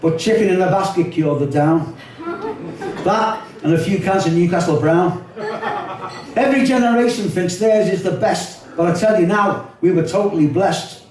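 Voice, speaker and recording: Older Liverpool man, live poetry recital, high voice, distant and echoey. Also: normal speed, a little mellow. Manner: rhythmic, wry delivery with spoken asides. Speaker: poet performing his own work. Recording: echoey hall, voice from off-mic.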